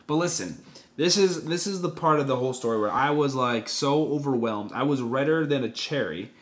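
A young man co-hosting a casual podcast who tells a story with lots of fillers, restarts and "like"s. His pitch sits in the middle range for a man. He talks loosely and keeps going after each false start. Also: animated, a little fast. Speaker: podcast co-host.

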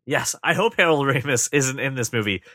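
A man hosting a podcast in casual chat, joking and talking in quick, animated bursts. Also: mid-range voice, no room sound, clean studio sound. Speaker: podcast host.

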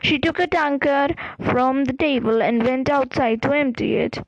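A woman's voice: high voice, fairly even intonation, normal speed, no echo, lo-fi sound. A woman narrating a storybook aloud, reading carefully and sometimes restarting a word. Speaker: audiobook reader.

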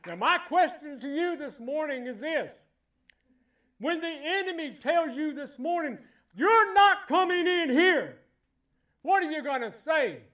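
A man preaching a sermon in church, emphatic and repetitive, building to loud exclamations. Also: very high voice, expressive, moderate pace.

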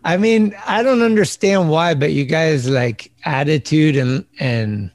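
A young American man hosting a casual chat, relaxed and curious as he asks his guests questions. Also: on the high side, unhurried. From United States. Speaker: host.

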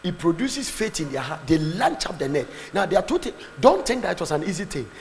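Pastor, fervent pulpit sermon, highly animated pitch, faint background noise. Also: male voice, brisk, creaky. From Ghana. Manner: fervent preaching, swings between shouting and low asides. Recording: long hall reverb, faint background noise.

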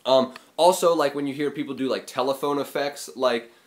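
A man's voice: medium pitch, moderate pace. Rambling man casually explaining audio terms. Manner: rambling, filler-heavy, demonstrates sounds with his voice. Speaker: music tutorial host. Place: small room.

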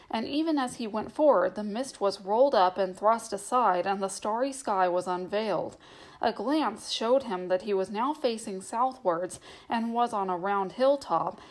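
A woman reading a novel aloud as the narrator, in a steady, measured storytelling manner. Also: medium pitch. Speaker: audiobook narrator.

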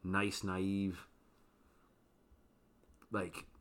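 A man with a very low voice chats as a guest on a podcast. His talk is easygoing and meandering, stuffed with fillers as he works his way to each point. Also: flat delivery, very slow, fairly bright tone. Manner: loose and rambling, with many fillers. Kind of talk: casual chat.

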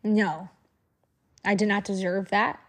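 A woman speaks straight to her followers in a candid to-camera monologue. She is outspoken and emphatic, with a voice of middling pitch, and she drives her points home by repeating phrases. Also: level tone, slow, husky. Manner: frank and outspoken. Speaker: social media creator.

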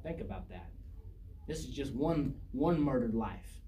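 A man's voice: mid-range voice, lively intonation, unhurried, noisy background. A man preaching a sermon, reading scripture aloud and driving points home by repeating phrases. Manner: emphatic, repeats phrases for stress.

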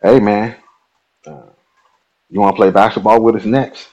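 A man voicing a friendly, curious man at a park court, raising his voice higher when quoting him. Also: fairly even intonation, normal speed, a little mellow, highs cut off, close to an everyday voice. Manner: easygoing, curious questions.

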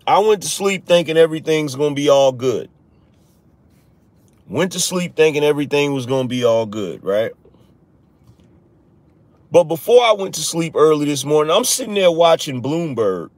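A man's voice: fairly high pitch, lively intonation, moderate pace, pauses often, no room sound. A man hosting a live-streamed political show, talking straight to his viewers and mocking critics. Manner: talks to viewers, mocks critics in a raised voice. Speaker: podcast host.

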